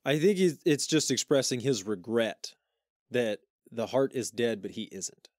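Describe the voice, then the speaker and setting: A man's voice: medium pitch, animated, measured pace, a little mellow, no room sound, clean studio sound. Joking man on a podcast. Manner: joking, paraphrases in modern slang. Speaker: book club podcast co-host. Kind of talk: casual conversation.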